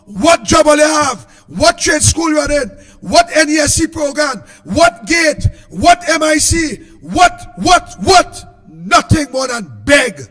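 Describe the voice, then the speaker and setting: A man with a Trinidadian accent giving an impassioned political speech, shouting in a repetitive, sing-song way. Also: extremely high pitch, expressive, a little slow, few pauses, in a large hall. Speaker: political speaker.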